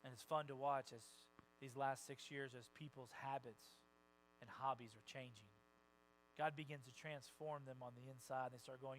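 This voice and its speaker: A man preaching a sermon as a pastor, conversational and animated, acting out the voices of the people he quotes and swinging from soft asides to loud bursts. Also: mid-range voice, moderate pace, slight background noise, rough recording. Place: church sanctuary.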